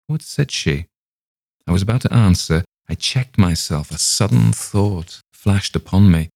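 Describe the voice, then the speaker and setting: A man reading a Victorian ghost story aloud in a steady, literary first-person narration. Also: low voice, moderate pace, creaky, no room sound, studio quality. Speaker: audiobook narrator.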